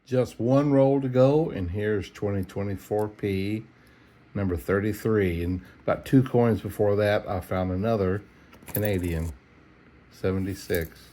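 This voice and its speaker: A man's voice: fairly low pitch, a little slow, dark tone, a little hiss or hum. A middle-aged man, tired and yawning, chatting in an easygoing, folksy way while he searches coin rolls late at night at home. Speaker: coin roll hunter. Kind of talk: casual narration while searching coins.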